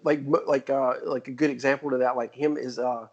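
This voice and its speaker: A man in his forties speaks as a podcast guest, halting and full of fillers as he thinks aloud. His voice sits at an average pitch, and the sound comes through dull and lo-fi. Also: steady tone. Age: 40s. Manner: halting, with many fillers and restarts. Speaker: guest athlete. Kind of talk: casual interview chat.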